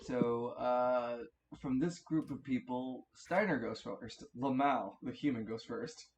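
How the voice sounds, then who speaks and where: A man's voice: mid-range voice, takes it slowly. A man running a tabletop game as game master, narrating turns casually, swearing freely and often restarting his sentences.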